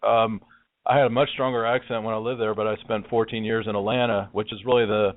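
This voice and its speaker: A man's voice: lowish voice, level tone, quick pace, dry recording. A middle-aged man from Tennessee, co-hosting a phone interview, talking in a friendly, rambling way. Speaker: co-host. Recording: dry tinny phone line.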